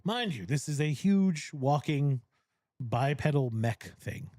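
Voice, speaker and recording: A man's voice: mid-range voice, lively intonation, slow pace, darkish tone, no echo, clean studio sound. A man hosting a podcast, animatedly retelling a movie plot in casual chat, swearing freely and laughing often. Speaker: podcast host. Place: cigar lounge podcast studio.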